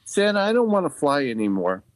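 A man telling the tale as a sweet, earnest family dog, childlike and a bit worried, his voice rising and falling in a lively, sing-song way, recorded close and dry with no room sound. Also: fairly high pitch, a little fast, no room sound. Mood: wistful. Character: gentle male pet dog narrating a Christmas tale. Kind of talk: storytelling narration.

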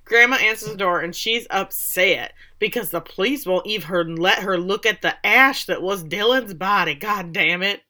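Wisecracking bright-voiced woman co-host. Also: mid-range voice, moderate pace, hardly any pauses. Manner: wisecracking, reads lines aloud. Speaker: podcast co-host. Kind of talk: casual chat.

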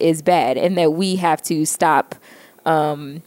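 A lower-pitched American woman talking frankly in a relaxed group chat, often breaking into laughter and cursing without a second thought. Her voice is close and dry, with no room sound around it. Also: slow pace, no echo. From United States. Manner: frank and laughing, swears freely. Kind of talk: casual chat.

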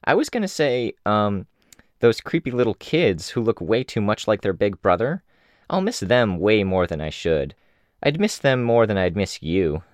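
A man's voice: lowish voice, big pitch swings, moderate pace, dry recording, clean studio sound, pitched above the performer's own voice. A man doing a flippant, teasing young woman. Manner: mocking, chatty banter.

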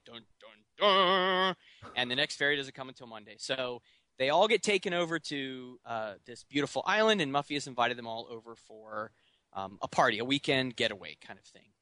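A man co-hosting a podcast in casual chat, quick-witted and giggly, with many ums as he sums up a plot. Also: medium pitch, pushed and bright, dry recording. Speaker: podcast co-host.

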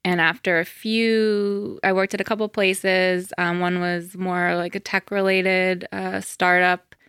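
A woman talks through her career as a podcast guest. Her voice is bright and very crisp, slightly low, and the room sounds dry. She rambles casually, with plenty of "um" and "like" fillers. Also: level tone, measured pace, no room sound. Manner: chatty, many fillers like um and like. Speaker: podcast guest, wedding planner. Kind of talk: casual interview.

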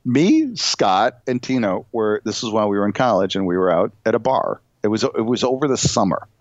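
Middle-aged male podcast host, animated and rambling; dry, slightly dull recording. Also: fairly low pitch, brisk, no echo. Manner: rambling, laughing, animated storyteller. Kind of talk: casual chat, reading news stories aloud.

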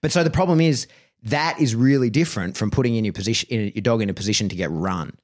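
A man's voice: on the low side, fast talker. A man, a dog trainer hosting a podcast, talking frankly in casual chat with lots of "like" and swearing. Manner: lively and frank, swearing, many fillers like "like" and "right".

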